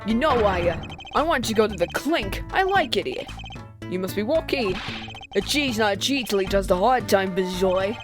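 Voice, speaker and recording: A woman's voice: medium pitch, lively intonation, normal speed, close to an everyday voice. A woman voicing a cocky young male gangster who talks tough, over game music. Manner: boastful, tough-talking.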